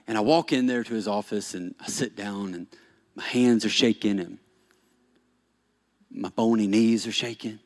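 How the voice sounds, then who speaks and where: A man preaching a sermon as pastor, shifting from animated emphasis to soft-spoken storytelling. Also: lowish voice, moderate pace, pauses often. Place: church stage.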